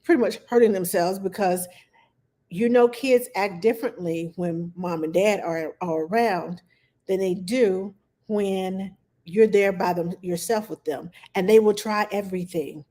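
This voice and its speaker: Woman, nanny, casual livestream chat, lively storytelling, mid-pitched voice. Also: a little slow. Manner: animated storytelling, acts out her own past thoughts.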